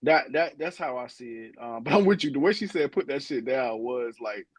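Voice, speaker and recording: A man co-hosting a podcast in a laid-back, profane way, stumbling over restarts as he thinks. His mid-pitched voice sounds dry and close. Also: lively intonation, fairly quick, no echo, low-quality recording. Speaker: podcast co-host. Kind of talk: casual recap chat.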